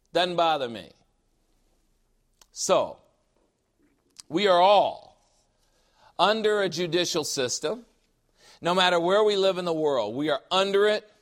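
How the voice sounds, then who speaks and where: A man preaching a sermon in a forceful, emphatic way, firing rhetorical questions and mocking the objections of skeptics. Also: on the high side.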